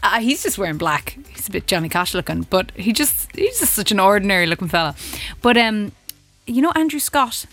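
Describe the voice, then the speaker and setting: Lively, chatty Irish woman host. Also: medium pitch, a little fast, hardly any pauses, faint music behind. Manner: chatty, laughs often, lively. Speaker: radio host. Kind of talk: casual on-air chat and traffic report.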